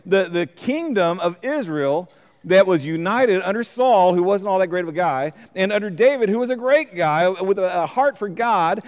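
A man's voice: on the high side, a little mellow. A man teaching a verse-by-verse Bible study, reading scripture aloud and commenting on it. He often stumbles and repeats words. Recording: long hall reverb.

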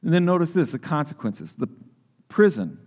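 A man's voice: fairly high pitch, sing-song, normal speed, darkish tone. A man preaching a sermon as pastor, often repeating and restarting words as he explains a passage. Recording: long hall reverb.

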